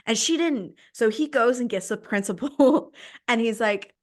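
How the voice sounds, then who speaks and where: A young woman hosting a podcast, telling a personal story in an animated, dramatic way. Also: on the high side, unhurried. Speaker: podcast host. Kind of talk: casual storytelling chat.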